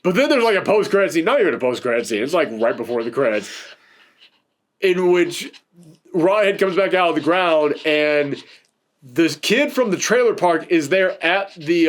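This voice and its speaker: A man's voice: a little high, lively intonation, moderate pace. A man hosting a casual film review chat, rambling and laughing often while sitting on a couch. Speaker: podcast host reviewing films.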